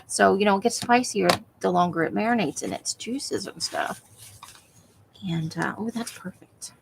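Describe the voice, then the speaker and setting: A woman's voice: mid-range voice, animated, moderate pace, creaky, slight background noise, poor audio. Chatty woman crafting at home. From Nevada. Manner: chatty, laughs often, talks to viewers. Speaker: craft livestream host. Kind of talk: casual chat while crafting.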